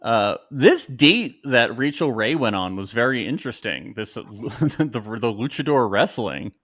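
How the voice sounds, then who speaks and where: Brief: lively young male podcast co-host, jokey and swearing, close dry mic. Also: medium pitch, measured pace, no room sound. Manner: animated, jokey, swears casually. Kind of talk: casual recap chat.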